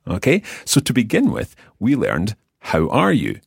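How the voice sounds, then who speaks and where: A man hosting a language lesson, patiently explaining and modelling words slowly for the listener to repeat. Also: on the low side, wildly swooping pitch, gravelly, slightly rough, dry recording, clean studio sound. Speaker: language teacher and host.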